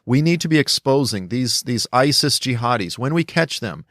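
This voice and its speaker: With a clean studio sound and no room noise, a middle-aged man from the United States, an author and commentator, speaks in an expressive, fairly bright mid-range voice at moderate speed. His political commentary is impassioned, emphatic and preachy, and he gets louder when acting out quotes.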